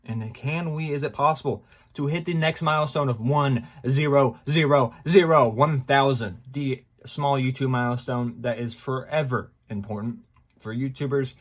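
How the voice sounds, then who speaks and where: A man in his twenties talking to his viewers in a casual, rambling vlog, excitable and full of fillers. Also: medium pitch, moderate pace. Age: 20s. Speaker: gaming YouTuber.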